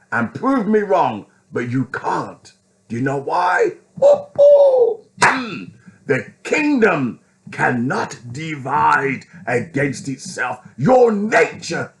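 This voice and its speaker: A man delivering an impassioned, preachy monologue as an online commentator, asking rhetorical questions and swinging from a raised voice to a hush. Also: mid-range voice.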